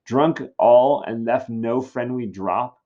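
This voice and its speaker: A man's voice: medium pitch, slow pace, mellow, muffled recording, close to an everyday voice. Juliet read aloud by a male teacher. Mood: mournful. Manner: reading aloud from a play script. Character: grief-stricken young woman, Juliet.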